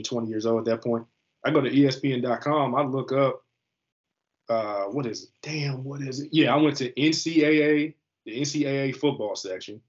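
A man in his thirties from the US East Coast tells his story in a loose, slangy, animated way as an interview guest. His voice sits at a mid pitch and comes through a slightly muffled, lo-fi recording. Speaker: guest, football player.

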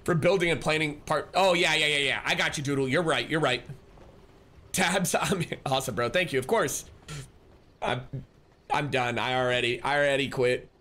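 Guy streaming and chatting w/ viewers, kinda high bright voice, rambly. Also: moderate pace. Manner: rambling, restarts often, reads chat aloud; friendly, thanks viewers. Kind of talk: casual live-stream chat.

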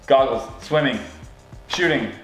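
A young man hosting a casual challenge video, excitable and laughing often. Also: mid-range voice, unhurried, echoey room, faint music behind, low-quality recording. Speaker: host.

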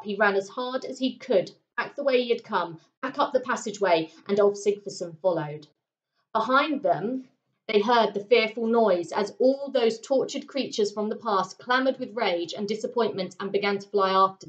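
A woman primary school teacher reading a children's story aloud, with an expressive delivery and dramatic pauses. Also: on the high side. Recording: roomy, slightly muffled home recording.

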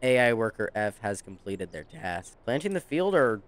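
Smooth-voiced young man joking through gameplay. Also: on the low side, sing-song, moderate pace. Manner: jokey, rambling, playful cowboy banter. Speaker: gaming channel host. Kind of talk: casual game commentary.

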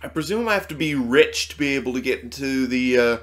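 A man's voice: medium pitch, expressive, fairly quick, a bit bright. A man giving casual let's play commentary, sarcastic and swearing as he talks back to game characters. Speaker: gamer playing on a channel.

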